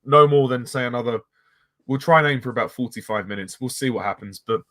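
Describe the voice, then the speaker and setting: A British man hosting a casual film discussion, hurried and keeping others on track. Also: medium pitch, sharp tone, no echo. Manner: hurried, reactive, moderating. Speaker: host.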